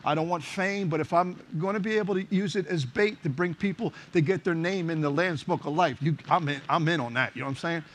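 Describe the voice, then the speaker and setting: Animated, high-voiced pastor telling stories. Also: male voice, fairly quick, hardly any pauses. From United States. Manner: animated storyteller, acts out quoted dialogue. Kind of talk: sermon storytelling.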